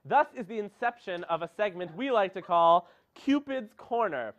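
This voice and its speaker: A young man reading a scripted comic segment in a mock-promotional, deadpan manner. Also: high-pitched, moderate pace. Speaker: segment narrator. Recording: dull lo-fi sound.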